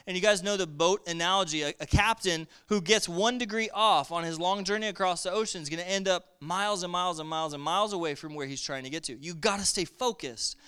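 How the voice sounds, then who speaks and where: A man preaching a sermon with lively energy, calling on the congregation to respond. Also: high-pitched, quick pace, hardly any pauses, smooth.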